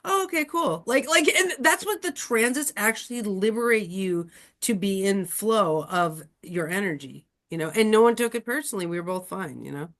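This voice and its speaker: A woman astrologer hosting a casual podcast chat, talking in an animated, chatty way with many fillers. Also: medium pitch, moderate pace. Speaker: astrologer and host.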